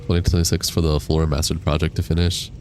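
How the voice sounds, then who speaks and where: A man's voice: a bass voice, level tone, quick pace, a little mellow. A man live-streaming a game, chatting casually and answering his viewers in a laid-back way. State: has the hiccups. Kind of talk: casual live-stream chat while gaming. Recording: game music clearly behind the voice. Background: game music.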